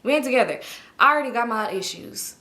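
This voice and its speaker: A young woman rattles through a casual storytime at speed, her voice bright and sharp. She is animated and slips into acted-out lines from other people. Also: a little high, fast talker. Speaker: vlogger telling a story.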